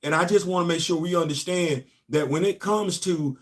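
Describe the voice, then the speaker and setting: A middle-aged man, hosting casual comics commentary, talking straight to viewers and often getting loud and excited. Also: sits high, normal speed. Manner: animated, talks straight to the audience, rising to loud exclamations. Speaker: host of a comics commentary channel.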